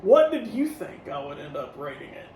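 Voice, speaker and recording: A man's voice: on the high side, normal speed, recorded from a distance. A man co-hosting a casual podcast, reviewing an album track by track and giving scores out of ten. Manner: relaxed, gives scores out of ten, laughs easily. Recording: echoey room, mic set back, faint noise.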